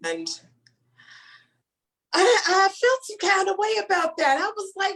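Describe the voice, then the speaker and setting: A woman doing a stand-up comedy set remotely, telling stories with animated delivery and laughing at her own jokes. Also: extremely high pitch, a little slow, pauses often. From Chicago, USA.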